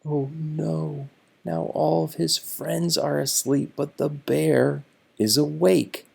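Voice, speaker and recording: A man reading a picture book aloud to children slowly and deliberately, stopping to explain the feelings and words on each page. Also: on the high side, little pitch movement, gravelly, breathy edge.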